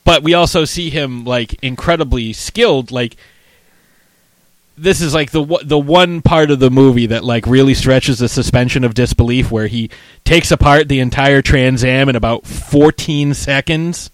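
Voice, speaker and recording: A man in casual conversation, retelling film scenes in a loose, rambling way full of "like" and restarts. His voice is mid-pitched and sits close to the mic in a dry, dead room. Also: normal speed, dry recording. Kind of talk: casual chat reviewing a film.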